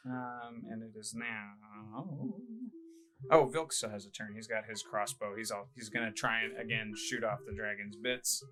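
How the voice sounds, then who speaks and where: Very low-voiced woman running the game. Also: fairly even intonation. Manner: halting, hesitant narration with fillers. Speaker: game master. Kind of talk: narrating a tabletop game.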